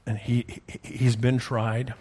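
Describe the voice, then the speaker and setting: A man with a husky voice preaches a sermon in a church, talking through a story with his congregation. He often checks in with them as he goes, asking whether they are following along. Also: mid-range voice, flat delivery, takes it slowly, dark tone. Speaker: pastor. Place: church sanctuary. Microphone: wears a clip-on mic.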